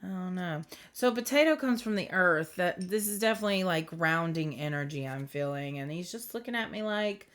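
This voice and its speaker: A woman's voice: lowish voice, animated, normal speed, hardly any pauses, a bit bright. Giggly, meandering woman doing a reading. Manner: rambling, giggly, self-interrupting. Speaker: spiritual reader. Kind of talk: casual intuitive reading to camera. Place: indoors under bright light. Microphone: camera close to the face.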